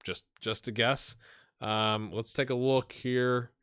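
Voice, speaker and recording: A chatty man walks viewers through a sports management game, thinking out loud and tossing in rhetorical questions. His voice sits at an ordinary middle pitch. The recording is dry and close, with little sense of the room. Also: flat delivery, slow pace, smooth, dry recording. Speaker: gaming channel host. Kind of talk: casual game commentary.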